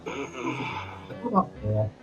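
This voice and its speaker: A man speaking in character in a tabletop game, slow and insistent. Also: medium pitch, big pitch swings, muffled recording, over music.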